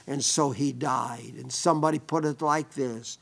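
A man preaching a sermon, fervent, rising to emphatic peaks and sinking to hushed tones. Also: steady tone, normal speed, gravelly, few pauses. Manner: fervent, rises to loud emphatic peaks, then sinks to hushed low tones.

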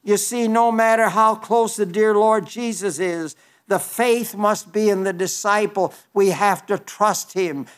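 A man preaching a sermon, urging his listeners with earnest, repeated exhortations and slowing down for emphasis. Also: high-pitched.

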